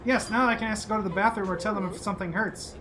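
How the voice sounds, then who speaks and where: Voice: medium pitch, fairly even intonation, rapid-fire, a crowd in the background, natural voice. A gamer reading aloud the lines of a sad, anxious pregnant woman in a game, in a plain reading voice, with game music behind. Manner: plainly reads on-screen dialogue aloud.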